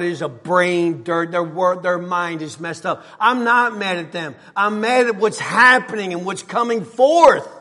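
A middle-aged man preaching a sermon in a church, repeating his phrases and swinging from soft asides to shouts. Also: high voice. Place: church sanctuary. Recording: long hall reverb.

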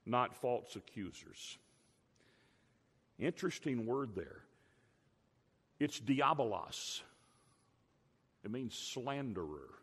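Casting: middle-aged male preacher, animated storyteller, bright clear tone, recorded in a big echoing sanctuary. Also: mid-range voice, slow pace, long pauses. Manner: animated storytelling, emphatic swings in loudness. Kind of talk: sermon. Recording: long reverb of a large hall.

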